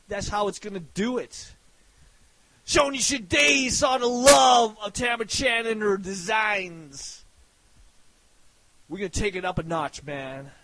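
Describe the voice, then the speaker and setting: A man giving a loud, profane, boastful hype rant to his viewers, often breaking into shouts. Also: high voice, animated, takes it slowly, pauses often, a little hiss or hum, poor audio. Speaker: website owner.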